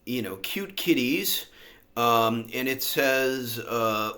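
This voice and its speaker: A man's voice: mid-range voice, lively intonation, slow, sharp tone, roomy sound. A man vlogging in a rambling, sardonic monologue full of fillers and asides. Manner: sardonic, filler-heavy, meandering.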